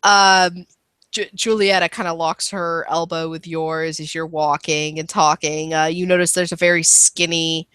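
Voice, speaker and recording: A woman's voice: low voice, flat delivery, measured pace, fairly bright tone, clean tone, no echo. A woman narrating a tabletop role-playing game as game master, casual and rambling with many fillers.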